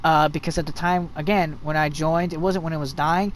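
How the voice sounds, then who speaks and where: A gaming host rants unscripted about an online clan in a profane, exasperated voice. The speech rambles and restarts often, at a mid-range pitch. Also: fairly even intonation, brisk, slight background noise. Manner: mocks others in shrill put-on voices. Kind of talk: unscripted rant review.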